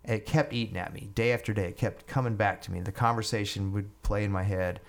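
Middle-aged man, low voice, telling a story. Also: fairly even intonation, a little fast, gravelly. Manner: chatty, repeats words, acts out dialogue. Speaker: guest musician. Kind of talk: storytelling in a podcast interview.

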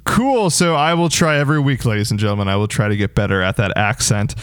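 A man's voice: fairly low pitch, quick pace, smooth, dry recording. A man co-hosting a casual sports podcast, talking emphatically like a hype man. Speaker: podcast co-host.

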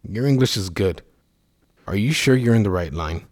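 A man with a deep voice playing a cold, hostile immigration agent who talks curtly and with suspicion. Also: expressive, normal speed, natural voice. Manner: curt, demanding.

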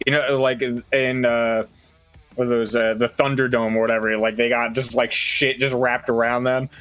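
A man's voice: mid-range voice, little pitch movement, moderate pace, a bit bright, clean tone, no room sound. A man talking as a player in a tabletop game, rambling with lots of fillers, faint music behind. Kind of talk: casual tabletop play.

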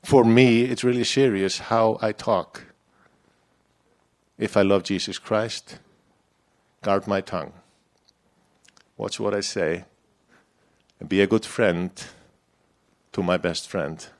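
A man's voice: fairly low pitch, takes it slowly, pauses often. A man preaching a sermon in a church, in a conversational, personal way that turns the message back on himself.

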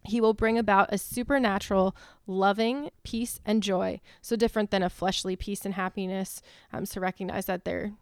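Woman, clear smooth voice, flat delivery, dry mic; measured reading of teaching points. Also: medium pitch, dry recording. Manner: steady, measured, cites verses one after another. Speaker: church co-host.

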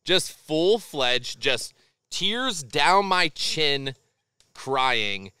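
A man guesting on a beer podcast, telling animated stories and swearing freely. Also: fairly high pitch, drawn-out words, smooth, no room sound. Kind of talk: casual chat over beers.

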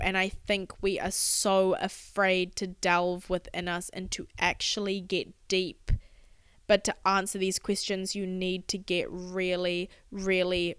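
A woman's voice: on the low side, fairly bright tone, clear, resonant tone, no echo, clean studio sound. A woman hosting a solo motivational podcast, delivering an impassioned, profanity-laced rant into a podcast microphone. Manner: impassioned, swearing, fast spurts. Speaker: podcast host.

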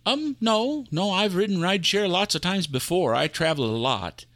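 Man doing a jittery, high-voiced passenger. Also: animated, moderate pace, fairly bright tone, dry recording, clean studio sound. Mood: polite. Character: nervous, incredulous young male rideshare passenger.

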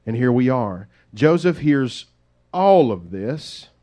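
A man preaching, retelling a story in a lively, conversational way with folksy asides. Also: mid-range voice, slow. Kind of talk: sermon storytelling.

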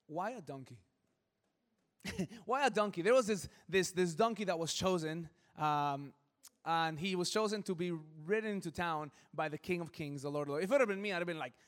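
A pastor from Southern California with a fairly high voice delivers a lively sermon in a church sanctuary, joking with his congregation and dropping into quick quoted voices. A long reverb rings through the hall.

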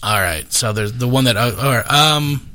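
A man's voice: medium pitch, moderate pace, bright, forceful tone, faint music behind. A man, a guest comedian, talking casually on a podcast with profane, rambling jokes.

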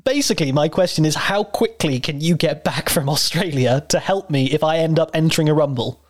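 A man's voice: a little high, brisk. A man co-hosting a podcast in casual chat, teasing his co-host playfully.

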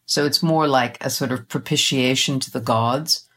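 A middle-aged woman with a low voice speaks as a guest author. She talks in a thoughtful, reflective way, pausing with fillers. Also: fairly bright tone. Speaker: children's author, interview guest. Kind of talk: casual interview chat.

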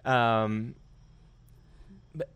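Guy on a podcast chatting, medium pitch, thoughtful and unhurried explaining. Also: a bit bright, clear, resonant tone. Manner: reflective, measured explanations. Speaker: lectureship organizer. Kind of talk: casual podcast conversation.

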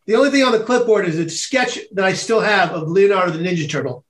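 A man telling a personal story as a podcast guest, animated and laughing often. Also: sits high, fast talker, reverberant. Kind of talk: storytelling in casual chat.

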